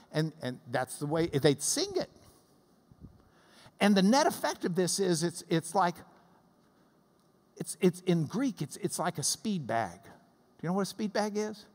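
A Bible study teacher giving a lively classroom lesson, chanting out rhythms to make a point. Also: medium pitch, unhurried. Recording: long reverb in a hall.

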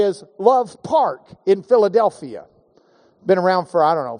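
Animated, high-voiced male preacher. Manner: emphatic, engages the audience with questions and call-and-response. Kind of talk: sermon.

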